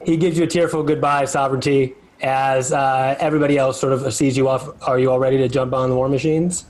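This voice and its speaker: A man's voice: mid-range voice, little pitch movement, quick pace, darkish tone, a little hiss or hum, rough recording. A man narrating a live tabletop game as dungeon master, describing scenes in a rambling way with many fillers.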